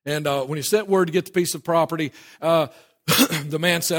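A man preaching a sermon, emphatic and hurried, swinging between loud declarations and low asides. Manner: hurried, with restarts and asides to a helper. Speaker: pastor.

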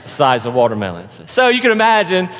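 A man preaching a sermon, telling a joke with lively acted-out voices for the people in it. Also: a little high, big-room sound. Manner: animated storyteller, acts out characters. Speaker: pastor. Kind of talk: sermon with storytelling.

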